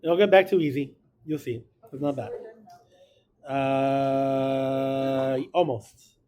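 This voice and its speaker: A man's voice: mid-range voice, steady tone, takes it slowly, mellow, clean tone. A man teaching a math class, casual and encouraging, talking through each step aloud. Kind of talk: classroom lecture.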